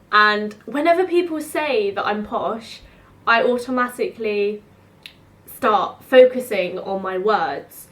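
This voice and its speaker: A woman's voice: mid-range voice, unhurried, fairly bright tone. A woman, telling rambling stories to camera in a chatty way, full of "like". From South East London. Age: 20s. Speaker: student vlogger. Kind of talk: casual storytelling to camera.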